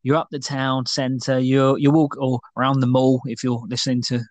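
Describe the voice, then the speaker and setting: A man's voice: medium pitch, little pitch movement, normal speed, dry recording. A man co-hosting a podcast, telling things in a playful, rambling casual chat. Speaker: podcast co-host.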